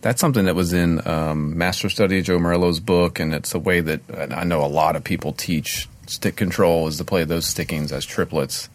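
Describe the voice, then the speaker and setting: A man's voice: sits low, steady tone, normal speed, hardly any pauses. A middle-aged man co-hosting a podcast, laughing easily and explaining drum patterns step by step. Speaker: podcast co-host. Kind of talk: casual chat.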